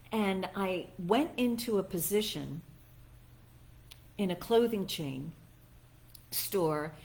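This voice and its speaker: This middle-aged woman minister delivers a chatty, conversational sermon, poking fun at herself and laughing as she recounts personal stories and acts out what other people said. Her voice is fairly low and somewhat dark in tone.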